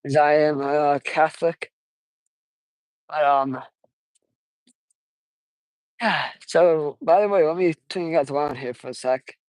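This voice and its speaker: An eighteen-year-old man chats through a casual walking vlog in a quiet, soft-spoken way, drifting between thoughts and restarting his sentences. He takes his time, with an unhurried, drawn-out delivery. The sound is dry and close, caught on wireless earbuds. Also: on the high side, no room sound, poor audio. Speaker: vlogger. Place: outdoors on a suburban walk.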